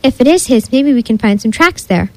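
A woman's voice: fairly high pitch, lively intonation, a little fast, darkish tone, dry recording, rough recording. A woman voicing a determined girl detective.

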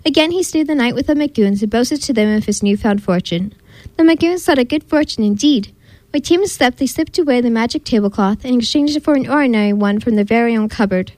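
Woman, storyteller host, reading aloud, expressive, higher voice, dry close sound. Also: fairly quick, no echo. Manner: expressive read-aloud narration. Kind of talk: reading a picture book aloud.

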